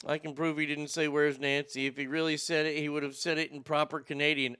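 Sarcastic high-voiced man. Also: steady tone, fairly quick, few pauses, pushed and bright, clear, resonant tone, dry recording. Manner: sarcastic, profane, mocking. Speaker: show host. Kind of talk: crude political commentary.

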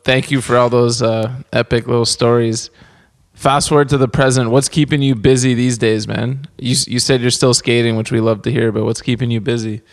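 A man's voice: medium pitch, level tone, fairly quick. A man hosting a podcast, asking casual, joking interview questions. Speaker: podcast host.

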